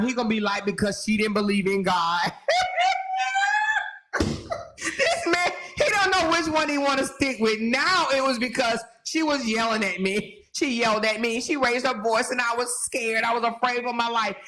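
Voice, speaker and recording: Sassy woman with a bright forceful voice. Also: a little high, fairly quick, hardly any pauses. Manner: sassy, laughing often, talks to her viewers. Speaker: commentary host. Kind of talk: reaction commentary.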